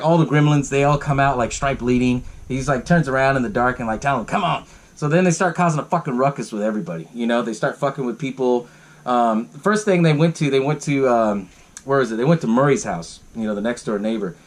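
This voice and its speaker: A man hosting a podcast, casually recapping a movie, swearing often and laughing along. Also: mid-range voice. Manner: profane and laughing, lots of fillers. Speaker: podcast host.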